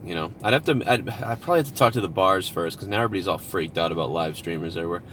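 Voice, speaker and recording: A man's voice: low-pitched, very fast, fairly bright tone, a little hiss or hum. Profane, rambling man hosting a stream. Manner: rambling, profane, reads out donations. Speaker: live-stream host. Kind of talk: casual live-stream chat.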